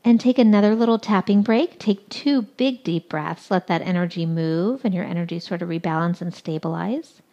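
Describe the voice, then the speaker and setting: A woman's voice: lowish voice, moderate pace, hardly any pauses, dark tone, muffled recording. A woman leading a guided tapping session, naming each tapping point and following it with a short spoken statement.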